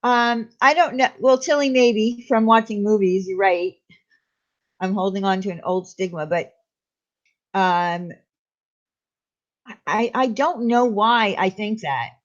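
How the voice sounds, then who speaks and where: A woman's voice: mid-range voice, slow pace, long pauses, lo-fi sound. A woman hosting a casual live chat with viewers, speaking candidly and confidingly and greeting them by name. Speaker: live stream host.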